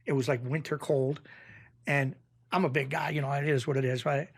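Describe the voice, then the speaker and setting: A man's voice: mid-range voice, a little fast, slightly rough. Chatty New man in his fifties. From Springfield, Massachusetts. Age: 50s. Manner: animated anecdotes, acts out quoted voices. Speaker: guest. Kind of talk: casual storytelling.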